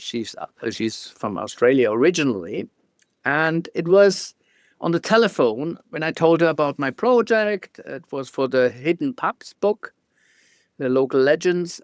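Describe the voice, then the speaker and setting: A man with a German accent, a guest photographer telling stories in a casual interview, halting and restarting often with small laughs. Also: medium pitch, dry recording, clean studio sound.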